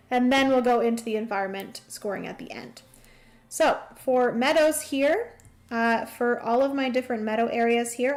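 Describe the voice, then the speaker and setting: Young woman doing a solo board game stream, talks through every move, kinda high voice, unhurried. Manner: chatty, thinks aloud while playing, greets chat warmly.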